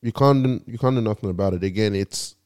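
A man with a low, mellow voice speaks in a laid-back, measured way. The sound is dry and close, with no room around it. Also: dry recording. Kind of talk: casual chat.

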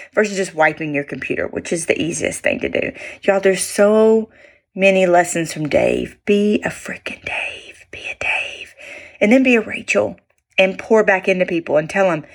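A woman's voice: lowish voice, a bit bright, no echo, clean studio sound. A woman chatting casually to camera, telling stories with many fillers and restarts. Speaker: vlogger sharing daily stories.

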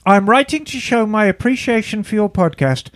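A man's voice: sits high, animated, moderate pace, no room sound, studio quality. A man co-hosting a podcast, reading a listener email aloud and breaking in with playful jokey asides. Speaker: podcast co-host.

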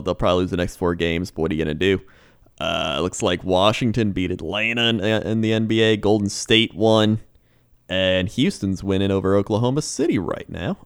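A man delivers mock weather and sports reports in a laid-back, joking podcast banter. His voice sits fairly low. His delivery stays easygoing and casual throughout. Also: clean tone. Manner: laid-back, joking, frequent laughs and fillers.

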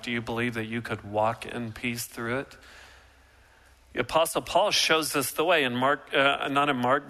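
A man preaching a sermon, emphatic and animated, acting out quotes and dropping to a soft, slow delivery for reflective points. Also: medium pitch, rough recording. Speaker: pastor.

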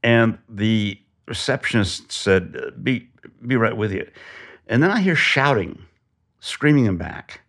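Man, casual storyteller, lively swooping pitch, bright forward tone, laughs through his lines. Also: a little slow. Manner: laughing, animated anecdote. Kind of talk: casual chat.

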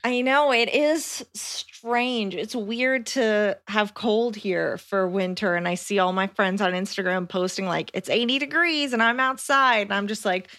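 A woman guest on a podcast, chatting casually, giggly and animated when quoting others. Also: medium pitch, unhurried, hardly any pauses, dry recording, studio quality.

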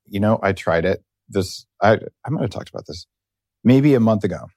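A man's voice: lowish voice, animated, normal speed, a little mellow, no room sound, clean studio sound. A middle-aged man hosting a casual interview, talking in a rambling way that often breaks off and circles back. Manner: rambling, tangential, self-interrupting. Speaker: podcast host.

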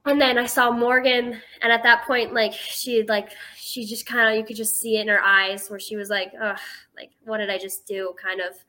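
A woman's voice: fairly high pitch, flat delivery, moderate pace, hardly any pauses, bright, forceful tone. An eighteen-year-old woman telling a story as a guest in a casual interview, chatty and filling her speech with "like".

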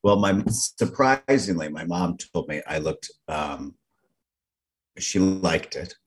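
Deep, husky deadpan man. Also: slow pace. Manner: dry, deadpan quips. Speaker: podcast co-host. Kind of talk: casual chat.

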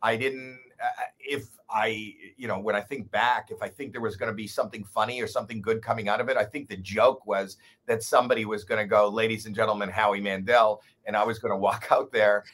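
Animated older comedian telling a story. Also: male voice, lowish voice, fairly quick, few pauses. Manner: animated, profane, self-deprecating. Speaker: guest comedian. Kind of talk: casual storytelling.

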